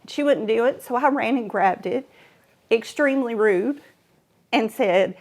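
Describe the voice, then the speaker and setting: A woman's voice: a little high, measured pace. A woman hosting an interview show, chatting and reacting to her guest's stories. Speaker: host. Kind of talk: casual interview chat.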